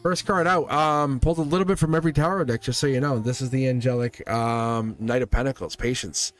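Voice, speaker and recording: A man's voice: medium pitch, fairly even intonation, brisk, faint music behind. A man giving live-stream tarot readings to viewers in a rambling, earnest way, often restarting his sentences and getting emotional.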